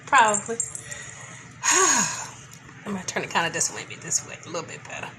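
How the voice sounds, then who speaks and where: A woman's voice: mid-range voice, sing-song, moderate pace, sharp tone, a little hiss or hum. A woman chatting casually with live viewers as she preps juice at home. She is a little congested, laughs often, and talks loose and candid with some mild swearing. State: mildly congested. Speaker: vlog host greeting live viewers. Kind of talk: casual live chat while cooking.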